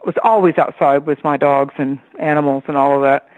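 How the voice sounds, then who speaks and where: A woman's voice: low voice, brisk, no echo. A woman from Tennessee, a psychic astrologer guesting on a radio show, telling stories from her childhood and acting out her relatives' voices. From Tennessee, USA. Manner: lively storyteller who acts out the voices of relatives. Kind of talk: personal storytelling on a call-in radio show. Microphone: telephone. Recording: dry, tinny phone line.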